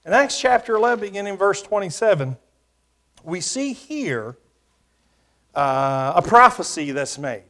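Male preacher, high and animated delivery, reads scripture, dramatic quiet drops. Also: unhurried, pauses often. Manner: dramatic swings from loud emphasis to near-whispers; reads scripture aloud in King James wording. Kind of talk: sermon with scripture reading.

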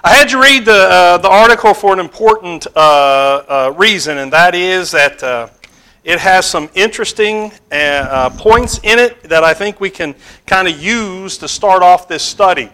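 A man teaching a Bible class, putting questions to the students and pausing with fillers. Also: high-pitched, expressive, sharp tone, clean tone.

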